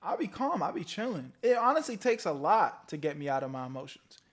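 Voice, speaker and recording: A man's voice: a little high, very animated, fairly quick. A man hosting casual reaction commentary in a laid-back, slangy way. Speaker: reaction host.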